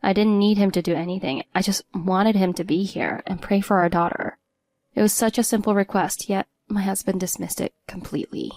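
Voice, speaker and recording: Brief: woman narrator, earnest emotional first-person storytelling, mid pitch, dry close mic. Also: fairly even intonation, brisk, darkish tone, dry recording.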